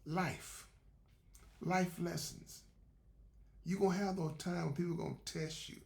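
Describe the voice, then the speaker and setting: A man's voice: high-pitched, fairly even intonation, unhurried, gravelly, a little mellow. A man giving a faith-based motivational talk in a conversational, repetitive, preacherly way. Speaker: motivational speaker.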